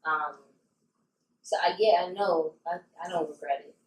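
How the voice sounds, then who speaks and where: Low-voiced woman co-hosting a candid podcast. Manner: candid, unhurried, reflective. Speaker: podcast co-host. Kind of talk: casual chat. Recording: roomy sound, mic at a distance.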